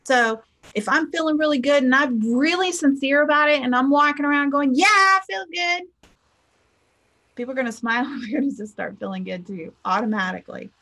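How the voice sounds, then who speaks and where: High-pitched and fast, with a fairly bright tone, a middle-aged woman talks chattily to motivate her listeners. She is a spiritual teacher and life coach who tells stories and performs the quoted lines of the people in them.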